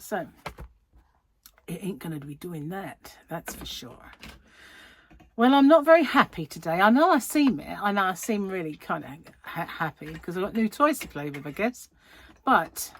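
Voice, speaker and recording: Lively, exasperated English woman vlogging. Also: medium pitch, dry recording. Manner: animated, exasperated retelling with laughs. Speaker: crochet vlogger. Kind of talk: casual chatty vlog storytelling.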